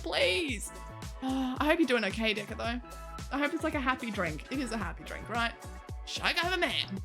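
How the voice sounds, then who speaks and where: Lively, chatty woman livestreamer. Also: a little high. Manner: chatty, laughs often, swears casually, reads chat aloud. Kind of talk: casual chat with live viewers.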